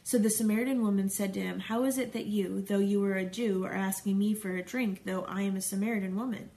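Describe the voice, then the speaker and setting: Gravelly-voiced woman teaching scripture. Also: medium pitch, fairly even intonation, fast talker, mellow. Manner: conversational, chatty asides between readings. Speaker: Bible study teacher. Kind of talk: scripture reading with casual commentary.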